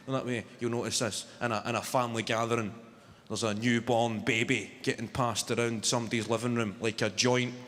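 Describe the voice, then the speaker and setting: A Glaswegian man from Scotland in his twenties does a brash, sweary stand-up set on a large arena stage before a laughing crowd. His mid-range voice is level and fairly quick. The live arena recording has long reverb, loud crowd noise, and background noise.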